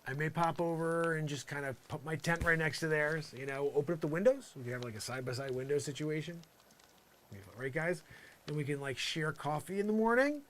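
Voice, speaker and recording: A man doing an improvised comic monologue, rambling and sarcastic, swinging between loud outbursts and muttered asides. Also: fairly high pitch, a little fast, a little hiss or hum. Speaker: comedian.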